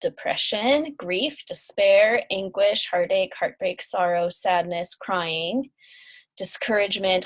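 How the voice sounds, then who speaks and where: A woman's voice: mid-range voice, takes it slowly. Chatty woman leading a healing session. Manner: chatty, with many fillers and yawns. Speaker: intuitive healer. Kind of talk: guided energy-clearing session.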